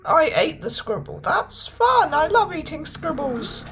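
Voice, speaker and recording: A woman's voice: high voice, lively intonation, normal speed, fairly bright tone, a little hiss or hum, rough recording. A woman commenting on a video game as she plays, talking to the characters in a mock-cheerful, coaxing way. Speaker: gaming video host. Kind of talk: let's play commentary.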